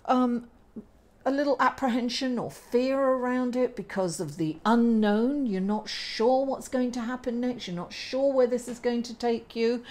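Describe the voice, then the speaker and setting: A woman reading tarot cards in a chatty way, laughing at herself now and then. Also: fairly high pitch. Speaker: astrologer and tarot reader. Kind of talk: casual tarot reading to camera.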